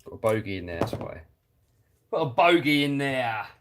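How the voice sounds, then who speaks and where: A man's voice: medium pitch, sing-song, moderate pace, slight background noise. A man with a British accent chatting on a live stream while he works on a radio-controlled car, reading out viewer comments and laughing easily. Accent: British English. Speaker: RC hobby YouTuber reading live chat.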